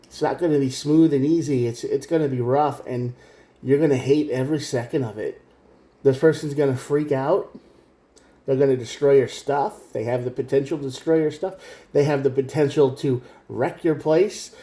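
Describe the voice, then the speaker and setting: A man's voice: mid-range voice, normal speed, dark tone, reverberant. A man giving a casual spoken tarot reading, earnest and direct, often repeating himself. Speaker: tarot reader.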